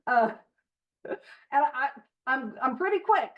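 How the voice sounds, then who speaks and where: Her voice sits high with lively intonation, and she takes her time; the sound is lo-fi. As host of a recovery literature study, this woman talks in an earnest, chatty way, teasing herself and going off on tangents. The session blends casual group discussion with read-aloud passages.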